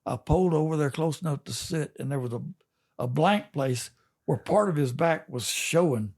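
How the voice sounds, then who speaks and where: An older man tells a long fishing yarn in a relaxed, folksy way, chuckling between the details. His voice sits a little higher than most men's. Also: moderate pace. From Texas. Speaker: fishing captain and guest. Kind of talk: casual storytelling.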